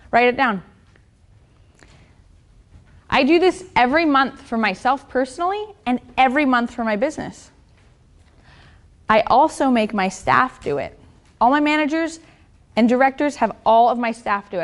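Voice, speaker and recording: A woman coach delivers a motivational seminar talk in a fairly high voice. She is blunt and swears freely, and she keeps turning to the audience with quick questions. Her energy makes her pitch and loudness jump around. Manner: blunt and profane, keeps asking the audience "right?". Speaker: business and fitness coach.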